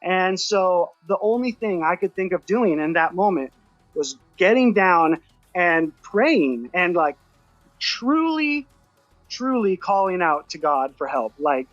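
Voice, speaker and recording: A high-pitched man tells a personal story with earnest feeling, often rushing and restarting his sentences. The sound is dry and a bit dull and lo-fi, with faint music underneath. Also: expressive, fairly bright tone, no room sound. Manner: earnest, heartfelt, rushed with restarts. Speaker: podcast guest.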